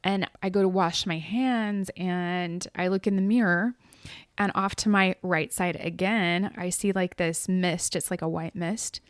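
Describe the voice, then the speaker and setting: A woman co-hosting a podcast as a medium, chatting casually and telling stories with lively laughs. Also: lowish voice, measured pace, dry recording, studio quality. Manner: animated storyteller, laughs often. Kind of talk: casual chat.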